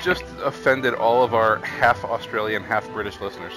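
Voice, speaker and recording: A man's voice: lowish voice, moderate pace, music in the background, low-quality recording. A man co-hosting a casual podcast, dry and teasing in his remarks. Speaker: podcast co-host.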